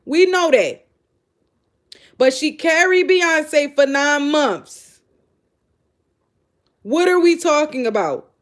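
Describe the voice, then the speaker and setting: Woman host going off on the chat, high voice, blunt and animated, keeps asking what are you talking about. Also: slow pace, long pauses. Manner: blunt, animated, incredulous, talks to the audience. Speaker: show host. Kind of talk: casual live reaction commentary.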